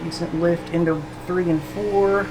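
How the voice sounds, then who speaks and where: A man's voice: high-pitched, unhurried, noisy background. Man thinking aloud during a sim race. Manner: thinking aloud, relaxed, laughs softly at himself. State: a little out of breath. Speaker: sim racing streamer. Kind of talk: casual live commentary while driving. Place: room at home.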